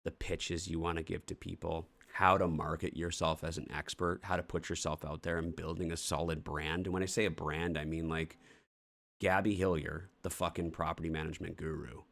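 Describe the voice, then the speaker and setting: Canadian dude hosting, real low voice, rambly and blunt, swears a lot. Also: male voice, level tone, brisk, vocal fry, fairly bright tone. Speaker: host. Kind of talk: casual morning show chat.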